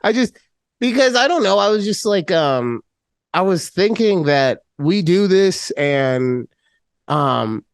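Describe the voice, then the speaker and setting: Animated, swearing man co-hosting a podcast. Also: fairly high pitch, clean tone, no echo, studio quality. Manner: animated, playful, swears often. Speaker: podcast co-host. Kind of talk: casual chat. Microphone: remote call.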